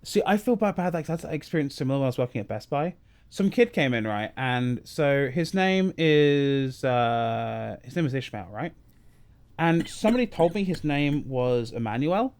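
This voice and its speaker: Man, British accent, animated, wide-ranging pitch, casual podcast anecdotes. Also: moderate pace. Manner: animated, acts out quoted dialogue. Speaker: podcast co-host.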